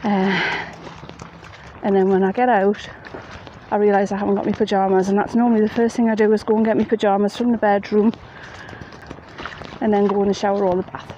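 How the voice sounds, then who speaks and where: A woman's voice: mid-range voice, little pitch movement, fairly quick, mellow, highs cut off. A woman telling a ghost story in a chatty, plain-spoken way, outdoors at night in the rain. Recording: faint rain noise behind.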